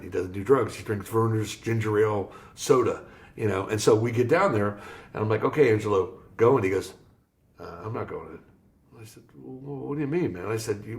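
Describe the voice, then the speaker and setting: A man from Florida, a guest on an interview podcast, tells a story in a fairly low voice. He acts out the dialogue of everyone in the story as he goes. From Florida, USA. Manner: animated storyteller acting out quoted dialogue. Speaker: guest musician.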